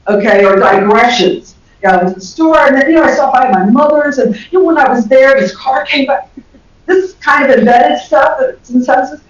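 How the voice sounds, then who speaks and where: An older woman from the American South with a Southern accent, giving an animated lecture to health workers and laughing often. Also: high-pitched. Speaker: communication professor giving a lecture. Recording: echoey dull recording from far off.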